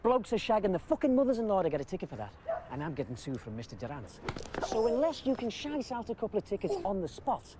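An actor playing a foul-mouthed, boastful English gangster with an English accent, ranting in a moving car. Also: male voice, high voice, wildly swooping pitch, fast talker, heavy background noise. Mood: dismissive. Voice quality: profane, boastful, mocking. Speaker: film character.

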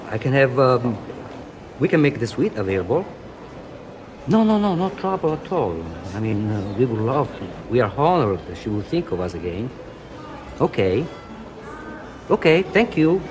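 A man's voice: mid-range voice, low-quality recording. An actor playing an obsequious male hotel manager on the phone. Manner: obsequious, hushed.

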